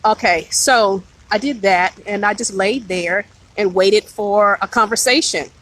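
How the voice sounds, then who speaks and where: A woman's voice: mid-range voice, measured pace, fairly bright tone, rough recording. Earnest woman telling a personal story. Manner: earnest, emotional, greets viewers mid-story. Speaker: live stream host. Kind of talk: casual storytelling on a live stream.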